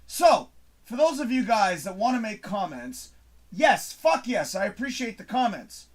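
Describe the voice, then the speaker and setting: A man's voice: high-pitched, sing-song, a little slow. A man hosting his own show, ranting to camera in a frustrated, swearing monologue with emphatic bursts. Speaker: host. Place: home studio.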